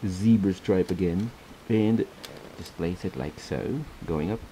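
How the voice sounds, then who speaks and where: A man's voice: sits low, slow, warm tone, a little hiss or hum, poor audio. A man hosting a casual step-by-step craft tutorial, chatty and laughing often as he repeats his instructions.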